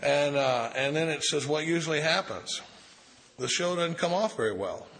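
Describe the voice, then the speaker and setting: A man's voice: on the high side, animated, normal speed, a bit bright. A man giving an informal, folksy talk at a recovery meeting, reading a passage and then riffing on it in blunt, salty language. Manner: folksy, profane, reads a passage then riffs on it. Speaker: recovery group speaker.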